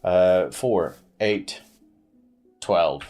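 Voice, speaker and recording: A man's voice: very slow, darkish tone, faint music behind. A man in his thirties chatting on a live game stream, rambling with many fillers and restarts. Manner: pitch swings widely.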